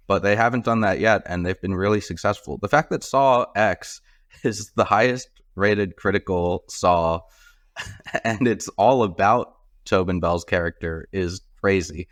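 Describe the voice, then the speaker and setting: A man chatting casually as a podcast host in a relaxed, wry way. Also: sits low, unhurried, no room sound, studio quality. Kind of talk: casual chat.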